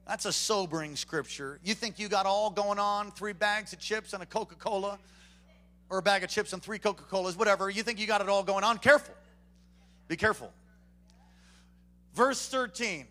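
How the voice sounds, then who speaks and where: A man preaching a sermon to a congregation, swinging from hushed asides to loud, animated bursts. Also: high-pitched, moderate pace. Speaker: pastor. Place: church before a congregation.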